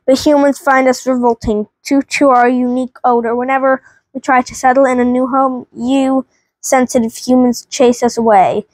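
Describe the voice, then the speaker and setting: A woman's voice: high-pitched, little pitch movement, moderate pace, darkish tone, dry recording. A woman reading the lines of a proud, touchy talking creature from a storybook, stumbling and restarting as she reads. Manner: read aloud with stumbles and restarts.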